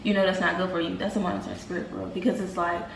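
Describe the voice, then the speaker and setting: A young woman vlogger casually telling viewers about a dream, animated and slangy, talking to them as y'all. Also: lowish voice, rapid-fire, creaky, a little hiss or hum. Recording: roomy, from a distance, faint ambience.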